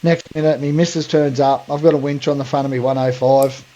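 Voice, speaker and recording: A man's voice: mid-range voice, fairly even intonation, brisk, dark tone, highs cut off. An Australian man hosting a podcast, telling a long story in a rambling, slangy way full of fillers. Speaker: podcast host. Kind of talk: casual storytelling.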